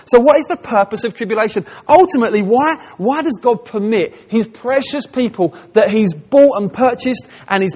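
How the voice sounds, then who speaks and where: A man preaching a sermon, animated, swinging between hushed, tender lines and loud, emphatic ones. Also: high-pitched. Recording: long hall reverb.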